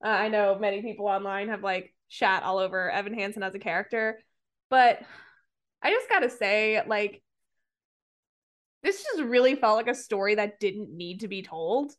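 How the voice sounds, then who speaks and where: A woman co-hosting a podcast retells a movie's plot while reviewing it in casual chat. Her mid-range voice keeps a normal speed as she rambles with lots of fillers and some swearing.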